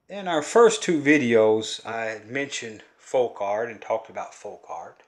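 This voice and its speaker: An older man with a Southern drawl from Kentucky and Louisiana talks straight to camera. His storytelling is homespun and earnest, and he rambles from one thought to the next. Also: medium pitch. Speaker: folk-art vlogger and collector. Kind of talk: rambling folksy monologue to camera.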